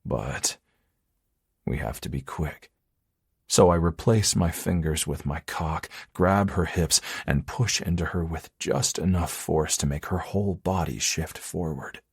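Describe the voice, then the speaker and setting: A very deep, husky male voice narrates a first-person romance audiobook with an intimate, measured delivery. The recording is studio quality with no echo.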